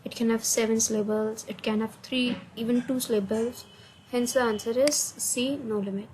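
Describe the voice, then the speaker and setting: A woman with an Indian English accent walks through assignment answers, hesitant and filling pauses with "uh". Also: a little high, fairly even intonation, a little mellow, a little hiss or hum, rough recording. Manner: hesitant, many uh fillers, non-native grammar. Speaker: student explaining assignment answers. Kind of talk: screen-recorded answer walkthrough.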